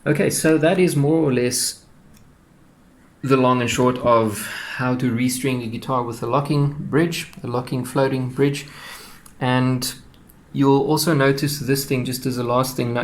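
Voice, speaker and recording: A man explaining a guitar setup step by step in a casual, unhurried way, with fillers and repeated words. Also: medium pitch. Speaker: guitar teacher.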